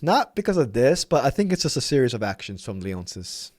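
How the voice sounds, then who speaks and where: A man's voice: medium pitch, sing-song, brisk, darkish tone, no echo, studio quality. A man hosting a sports vlog, ranting with exasperation and profanity, emphatic and fed up. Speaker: sports channel host.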